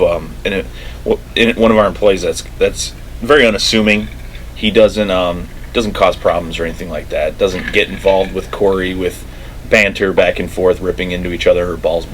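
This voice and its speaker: A man co-hosting a podcast, telling animated stories and laughing easily. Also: sits low, moderate pace, slight background noise. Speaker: podcast co-host. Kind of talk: casual chat.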